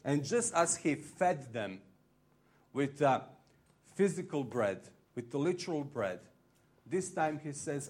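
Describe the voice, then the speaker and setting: A man preaching a sermon, retelling a story with lively acted-out crowd voices and slightly phrasing. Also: on the high side, slow. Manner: animated storytelling, acting out crowd voices, non-native phrasing.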